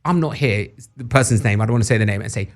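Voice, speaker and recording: A man's voice: lowish voice, very fast. A man co-hosting a radio chat show, joking around and putting on voices. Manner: jokey, animated, puts on voices. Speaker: co-host. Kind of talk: casual chat.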